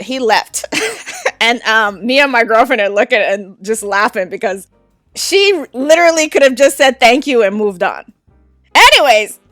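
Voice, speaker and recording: A woman's voice: on the high side, a bit bright, dry recording, clean studio sound. A woman podcast host telling a frank, casual story and laughing often.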